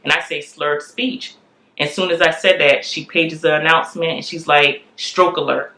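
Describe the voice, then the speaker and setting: A woman in her forties telling a candid family story in a lively way, acting out the voices of the people in it. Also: deep voice, moderate pace. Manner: animated, acts out quoted voices. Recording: echoey room.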